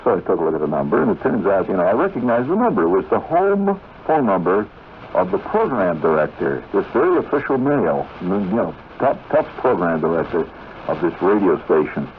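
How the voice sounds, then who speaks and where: A man's voice: low-pitched, sing-song, a little fast. A man telling a long, rambling story on his radio show, with conversational asides to the listener. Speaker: radio host. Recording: tinny 1970s radio broadcast with faint hiss.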